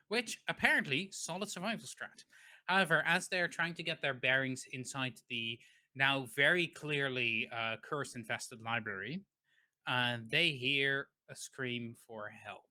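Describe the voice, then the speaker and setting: Man, game master, tabletop game narration, slow pace, bright tone, lots of ums and restarts. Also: medium pitch. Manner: unhurried, with frequent fillers and self-corrections.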